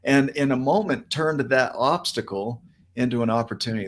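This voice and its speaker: A man's voice: medium pitch, normal speed. A man hosting a podcast, talking things through in a reflective, coaching way. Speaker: podcast host. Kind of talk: conversational interview.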